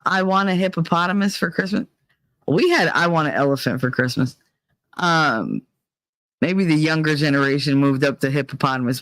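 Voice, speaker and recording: Broadcasting from a dark, cramped corner, a middle-aged woman livestream host chats with viewers in a lowish, animated, fairly bright voice at moderate pace, recorded dry. She reads their comments aloud, laughing, cursing, and leaping from one subject to another.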